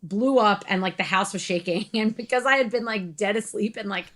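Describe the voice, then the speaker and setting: A woman's voice: mid-range voice, a little fast, a bit bright. A young woman co-hosting a podcast, chatting casually with lots of "like" and frequent laughter. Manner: rambling, heavy use of "like", laughs often. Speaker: podcast co-host. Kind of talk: casual chat.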